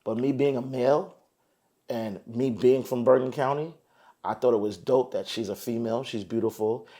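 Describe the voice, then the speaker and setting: A young man from New Jersey chatting as a podcast guest, streetwise and animated, often asking "you feel me" and acting out the lines he quotes. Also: mid-range voice, normal speed. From Teaneck, New Jersey. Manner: animated storyteller, acts out quotes. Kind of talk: casual chat.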